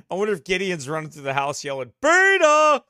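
A male pastor with a bright, cutting voice, preaching a heated sermon full of sarcastic jabs. His voice sits a little high for a man and sounds dry and close to the mic. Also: racing, no room sound. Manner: mocking, sarcastic asides. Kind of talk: fiery sermon.

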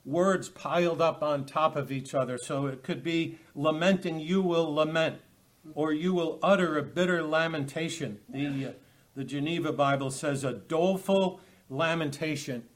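Man, bible teacher, fairly high voice, halting delivery, lots of uh and restarts. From United States. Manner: halting, many fillers and restarts, reads scripture aloud.

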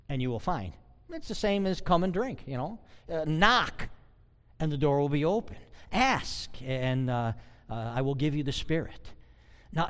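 A man preaching a sermon as a pastor, emphatic and swinging between loud declarations and quiet asides. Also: fairly high pitch, big-room sound.

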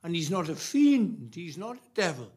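A man preaching a sermon, emphatic and repetitive, with long pauses between phrases. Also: fairly high pitch, very animated, darkish tone, breathy edge.

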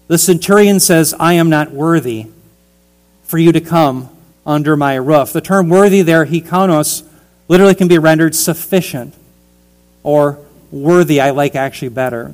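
Emphatic male preacher, slightly high voice. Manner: emphatic, addresses listeners as "dear ones". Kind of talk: expository sermon.

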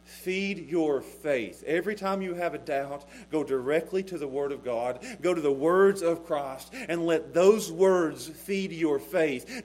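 A middle-aged man preaching a sermon as pastor, swinging between hushed lines and loud, emphatic ones. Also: a little high, measured pace, hardly any pauses.

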